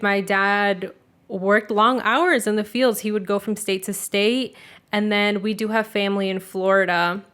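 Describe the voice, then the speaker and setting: A young woman speaking at a middle pitch, chatting casually as a podcast co-host. Her talk is loose and profane, with 'like' in almost every breath. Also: a bit bright, smooth. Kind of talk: casual storytelling chat.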